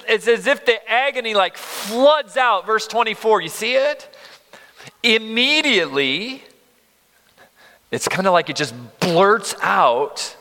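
A man in his fifties preaching a sermon, earnest and emphatic, moving between loud stress and near-whispers. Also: high-pitched. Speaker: pastor. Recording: long reverb of a large hall.

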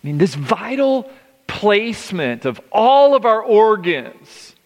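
A man's voice: high-pitched, very animated, slow. A middle-aged man preaching a sermon, emphatic, stretching key words and restarting phrases. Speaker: pastor. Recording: long reverb of a large hall.

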